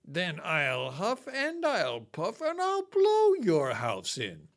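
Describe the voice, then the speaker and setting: The big bad wolf of a storybook, hungry and angry, as a reader puts him on, growling low and slow with sweeping rises into roars. Every threat gets stretched out long. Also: huge pitch swings, full character voice. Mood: menacing growl.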